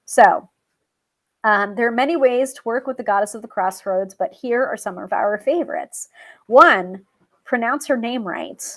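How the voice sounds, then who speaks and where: A woman's voice: fairly high pitch, normal speed, vocal fry. A woman hosting a tarot show, talking casually about working with a goddess and reading tips from a list, with frequent ums, restarts and self-amused asides. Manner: chatty, many ums and restarts, laughs at herself.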